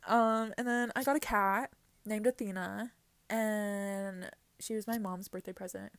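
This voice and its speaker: A woman's voice: medium pitch, fairly even intonation, measured pace, clean tone, no room sound. A young woman hosting a casual solo podcast, chatty and giggly, rambling with lots of fillers. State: teary-eyed. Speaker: podcast host.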